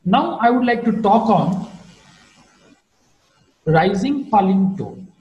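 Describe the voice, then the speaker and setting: A man giving a recorded online lecture on English phonetics, teaching slowly and deliberately, with his voice rising and falling widely as he shows the tones. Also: lively intonation, echoey room, dull audio. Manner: slow, deliberate teaching with wide pitch swings.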